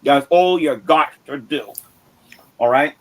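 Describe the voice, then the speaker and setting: A man's voice: a little high, slow pace. A man ranting boastfully and taunting his critics, repeating himself. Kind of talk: boastful rant.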